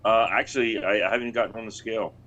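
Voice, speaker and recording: A man with a very deep, low voice chats casually on a talk show. He tells an anecdote in a chatty way. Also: fairly even intonation, quick pace, pushed and bright, lo-fi sound. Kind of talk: casual chat.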